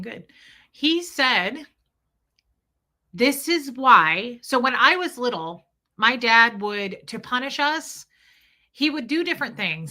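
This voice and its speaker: A woman's voice: mid-range voice, pushed and bright. A middle-aged woman talking openly and candidly about her own life, now and then acting out the voices of people in her stories. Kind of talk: candid personal storytelling.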